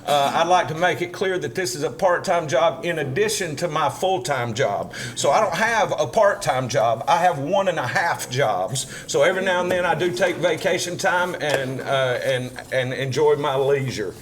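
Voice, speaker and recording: A man's voice: a little high, lively intonation, normal speed, few pauses, fairly bright tone, a little hiss or hum. A man speaking as a city councilman at a council meeting, making dry jokes between his announcements. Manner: joking, dry humor.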